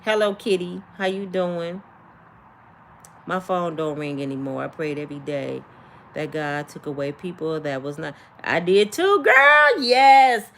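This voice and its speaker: An older woman, hosting a casual livestream and talking to her viewers with animated, preachy energy. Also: sits low, measured pace, vocal fry, a little hiss or hum. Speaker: livestream host.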